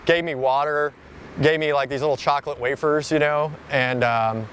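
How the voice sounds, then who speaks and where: A man's voice: a little high, steady tone, moderate pace, fairly bright tone, a little hiss or hum. A man being interviewed outdoors, telling a personal story in a rambling, casual way, full of "like" and "you know".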